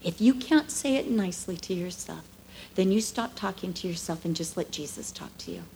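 A middle-aged woman preaching a sermon, expressive, acting out voices and dropping to hushed asides. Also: lowish voice, normal speed, a little hiss or hum. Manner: expressive, acts out dialogue, drops to hushed asides.

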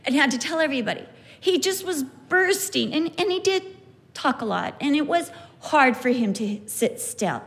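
A former kindergarten teacher, a woman, telling stories about her class in an animated way, acting out her pupils' voices. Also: high voice, normal speed. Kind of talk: personal storytelling.

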